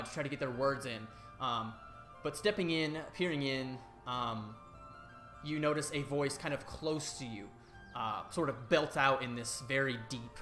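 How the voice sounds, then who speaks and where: A man's voice: mid-range voice, sharp tone. A man narrating as game master over a video call, loose and rambling with plenty of fillers. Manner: loose and rambling, many fillers, laughs easily. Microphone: headset on a video call.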